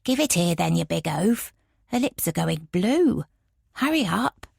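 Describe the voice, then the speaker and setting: A woman voicing a brisk, motherly woman, bossy but comforting. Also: on the low side, big pitch swings, gravelly, breathy edge, no echo, studio quality, full character voice. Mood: urgent.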